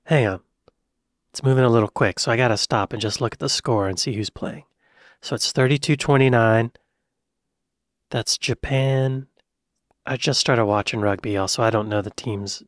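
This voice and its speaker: Excitable American man reacting. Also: medium pitch, moderate pace, pauses often, no room sound, studio quality. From United States. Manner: excitable, exclaiming, laughs easily. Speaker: reaction video host. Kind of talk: casual reaction commentary.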